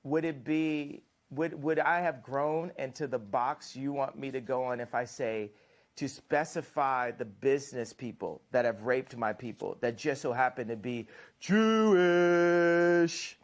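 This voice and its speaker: A man's voice: mid-range voice, measured pace. A man as a guest in a heated TV interview, talking confrontationally, repeating and mocking.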